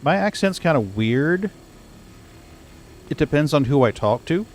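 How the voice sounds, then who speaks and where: A man's voice: fairly high pitch, lively intonation, unhurried. An American man chatting casually while playing a game, easygoing and rambling. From United States. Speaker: streamer. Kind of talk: casual gaming chat.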